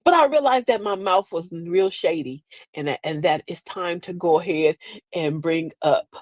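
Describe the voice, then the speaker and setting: A woman's voice: fairly low pitch, moderate pace, no room sound. An older woman hosting a casual comedic chat, sassy and preachy, laughing through her asides. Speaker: host. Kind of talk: casual comedic storytelling to an online audience.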